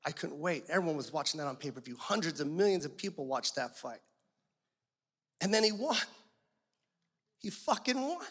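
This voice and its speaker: A male stand-up comedian telling stories with animated, profane delivery, shouting his punchlines on stage. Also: on the high side, fairly quick. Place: comedy stage before a live audience. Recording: live stage mic with audience and room noise.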